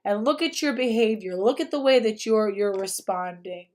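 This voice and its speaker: A woman's voice: mid-range voice, lively intonation, normal speed, a little mellow. A young woman hosting a livestream, talking casually and emphatically and often repeating herself. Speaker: livestream host.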